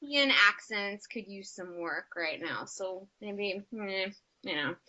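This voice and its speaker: Bright-voiced chatty American actress. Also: female voice, medium pitch, expressive, unhurried. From United States. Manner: chatty, many fillers, upbeat. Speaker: actress and guest. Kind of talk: casual interview chat. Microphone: video call. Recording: slightly muffled video-call audio.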